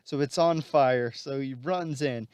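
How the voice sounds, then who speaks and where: A man's voice: medium pitch, unhurried, darkish tone, smooth, dry recording. A man casually retelling a story plot, rambling and full of fillers.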